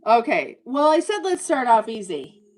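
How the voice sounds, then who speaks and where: A woman's voice: on the high side, very animated, normal speed, low-quality recording. A woman in her fifties chatting on a livestream, rambling and joking as she talks straight to her viewers. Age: 50s. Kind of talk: casual livestream chat.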